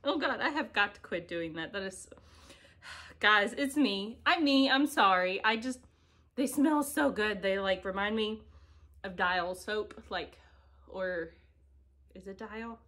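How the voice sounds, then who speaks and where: A woman vlogging about her stitching from home in a loose, unhurried way. She giggles often and makes fun of herself while chatting. Her voice sits at an ordinary middle pitch, caught by a camera propped up in the room. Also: sharp tone. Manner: giggly, chatty, self-deprecating. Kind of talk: casual chat to camera. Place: home, indoors. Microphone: camera set on an ironing board.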